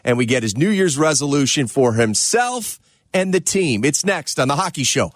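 A man's voice: a little high, big pitch swings, normal speed, no room sound, clean studio sound. A man hosting a sports radio show, talking in a reflective, conversational way.

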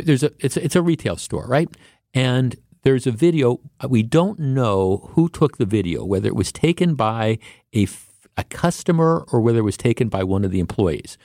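A man's voice: medium pitch, warm tone, no room sound, studio quality. A man hosting a talk radio show, delivering a rambling, indignant monologue with frequent restarts.

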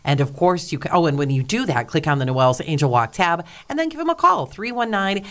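A woman's voice: on the low side, brisk. A woman hosting a chatty local radio show from a studio. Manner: bubbly, excitable, chatty. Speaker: radio host. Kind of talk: casual local radio chat.

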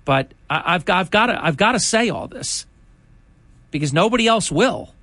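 A man's voice: sits high, animated, moderate pace, pushed and bright, no echo. An older man hosting a political talk show, chatting in a rambling way that turns indignant. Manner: indignant, conversational, rambling asides. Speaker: radio talk host.

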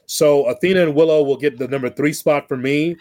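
A man's voice: a little high, fairly quick, dry recording. A man co-hosting a wrestling podcast, chatting casually and telling stories with frequent laughs and restarts. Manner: animated storyteller, laughs often, repeats words. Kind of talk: casual chat.

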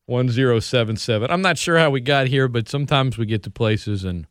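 A man, a radio sports host chatting loudly and lively at a studio microphone, laughing often. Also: medium pitch, a little fast, clear, resonant tone, no echo. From Louisiana. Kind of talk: casual radio banter.

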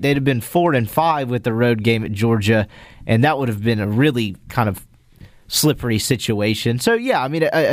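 A man co-hosting sports radio, breaking down a team's schedule in a measured, analytical way. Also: mid-range voice, no echo, studio quality. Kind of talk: sports commentary.

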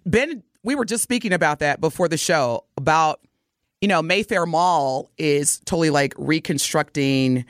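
A woman co-hosting a radio show in casual banter, expressive and playful, recorded on a studio microphone. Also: sits low, moderate pace, no room sound. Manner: expressive, playful, bursts into exclamations. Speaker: radio co-host.

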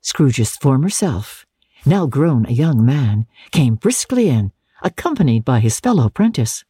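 Slow expressive storybook reader. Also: mid-range voice, husky, no room sound. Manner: measured, expressive reading. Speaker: audiobook narrator. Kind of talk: scripted storybook narration.

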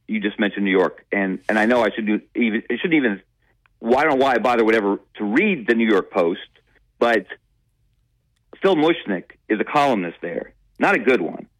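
A man's voice: fairly low pitch, normal speed, no room sound, poor audio. Stammering man co-hosting talk radio. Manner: stammering, restarts often, grows animated. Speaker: radio co-host. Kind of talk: sports talk radio chat.

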